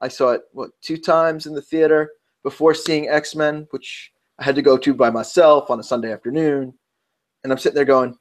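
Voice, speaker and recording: A New York–accented man co-hosts a casual podcast, his fairly high voice keeping a fairly even intonation at a normal speed. He's chatty and rambling in this round-table conversation, often interrupting himself to restart sentences.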